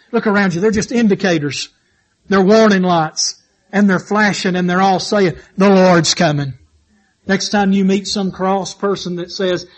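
A man's voice: high voice, lo-fi sound. A man preaching a sermon in church, fervent and repetitive, stressing his points as his voice rises and falls. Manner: fervent, repetitive exhortation with rising and falling emphasis.

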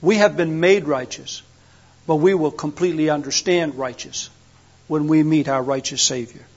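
Male preacher, sermon, high voice, fervent swells of emphasis, dull lo-fi recording. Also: fairly even intonation, moderate pace. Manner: fervent, rising and falling emphasis.

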